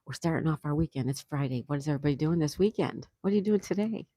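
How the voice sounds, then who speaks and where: A woman's voice: sits low, lively intonation, quick pace, warm tone, no echo. A woman hosting a casual livestream outdoors, chatty and affectionate, reading viewer comments aloud. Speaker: livestream host.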